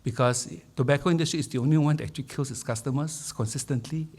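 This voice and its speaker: A man, hosting a public talk and introducing the speaker in measured, hesitant remarks with many fillers. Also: medium pitch, darkish tone. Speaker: event host introducing speaker. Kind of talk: formal opening remarks.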